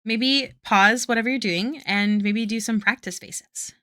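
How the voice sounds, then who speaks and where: A woman's voice: a little high, measured pace, bright, forceful tone, no echo, clean studio sound. A young woman, chatting casually with her livestream viewers and muttering asides while she draws. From Canada. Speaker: art streamer.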